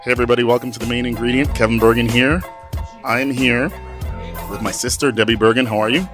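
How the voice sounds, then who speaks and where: A man's voice: medium pitch, steady tone, music in the background. A man hosting a radio food show, chatting and teasing his guests in a joking way. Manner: joking, teasing, quick-talking. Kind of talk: casual interview chat.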